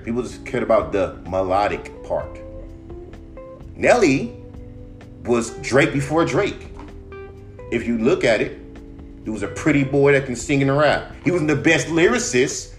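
A man ranting casually on a podcast, emphatic and full of profanity. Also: mid-range voice. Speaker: podcast host.

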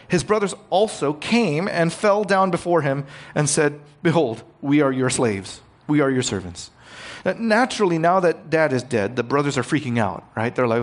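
A man preaching a sermon, growing loud and emphatic on key points and retelling scripture in casual modern paraphrase. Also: mid-range voice. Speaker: pastor.

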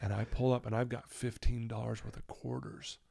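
A man's voice: medium pitch, little pitch movement, a little fast, creaky, crowd noise. A man, a recovery counselor, telling a personal story candidly and with feeling, in his office. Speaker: addiction recovery counselor, guest.

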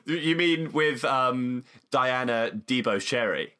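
A man's voice: medium pitch, takes it slowly, bright, forceful tone, clean tone. A man co-hosting a film podcast, chatting casually, laughing and swearing as he retells scenes. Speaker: podcast co-host. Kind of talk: casual chat.

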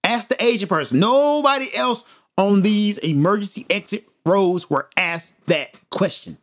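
A man hosting a podcast, telling a story in an animated, emphatic monologue and repeating points for effect. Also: high-pitched, a little slow. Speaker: podcast host.

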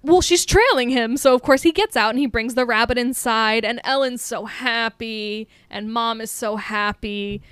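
A young woman co-hosting a podcast, recapping a film with giggles, sarcastic jokes and quick asides. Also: on the high side, fairly bright tone, clean tone, dry recording. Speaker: podcast co-host. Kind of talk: casual chat recapping a film.

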